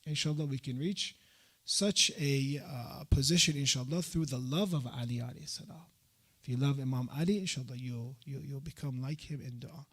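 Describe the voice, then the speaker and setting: A man's voice: medium pitch, moderate pace, fairly bright tone. A man giving a sermon in a mosque, commenting on a prayer and speaking directly to the congregation with rising emotion. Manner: switches between English and recited Arabic, emotive, addresses the congregation directly. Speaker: sheikh giving a religious talk.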